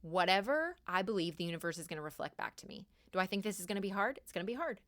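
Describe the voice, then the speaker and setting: A young woman hosts a podcast, racing through casual spiritual advice in a medium-pitched voice. She's emphatic and animated, repeating key words for stress.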